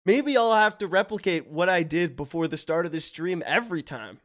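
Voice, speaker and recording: A man from Canada streaming live, thinking out loud while he guesses, hyped up and swearing freely. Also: high-pitched, lively intonation, brisk. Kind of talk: casual live-stream commentary.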